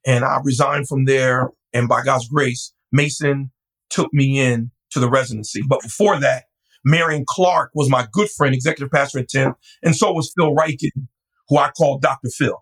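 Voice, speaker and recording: A middle-aged male pastor recounting his story in an interview, animated and quick to act out voices. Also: mid-range voice, breathy edge, low-quality recording. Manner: animated, laughing, acts out voices.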